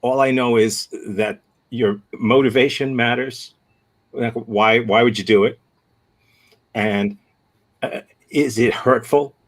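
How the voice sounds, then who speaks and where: An American man teaching an improv workshop over a video call, answering a student's question in a thoughtful, frank way with many halting restarts. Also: medium pitch, fairly even intonation. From United States.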